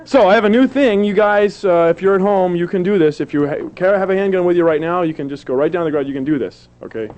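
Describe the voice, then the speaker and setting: A man's voice: high voice, fast, few pauses, a little mellow. A man performing a silly, self-mocking stand-up comedy set on a television show. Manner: goofy, self-mocking, jumps into silly put-on voices. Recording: dull lo-fi old TV recording.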